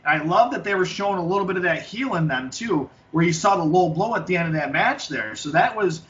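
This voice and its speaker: A wrestling podcast co-host speaks briskly in a high-pitched, fairly bright voice with lively intonation. He chats casually and rambles, with many restarts and fillers, and the lo-fi recording places him distant from the mic.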